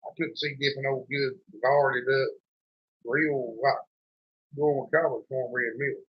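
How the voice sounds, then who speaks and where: A man's voice: medium pitch, steady tone, measured pace. A man with a thick rural North Carolina accent, chatting in a folksy, drawling way as the host of a homesteading show. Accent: Southern US, North Carolina. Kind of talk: casual chat. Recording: dull lo-fi sound.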